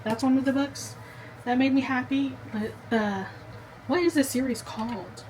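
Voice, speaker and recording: A young woman with a slightly high voice chats to the camera at home, gushing and talking straight to her viewers. A faint hiss sits under her voice. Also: moderate pace, a little mellow, poor audio. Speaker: book vlogger. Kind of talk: casual chat to camera.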